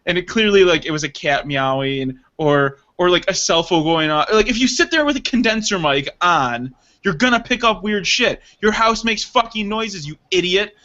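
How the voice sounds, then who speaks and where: A man hosting a casual podcast chat, telling an animated story full of laughter and acted-out quotes. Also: high-pitched, moderate pace, few pauses. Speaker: podcast host. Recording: dull lo-fi sound.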